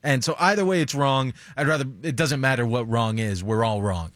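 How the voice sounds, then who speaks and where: A man co-hosting a radio show, arguing his points with animated retellings in casual banter. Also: medium pitch, fairly quick, no echo.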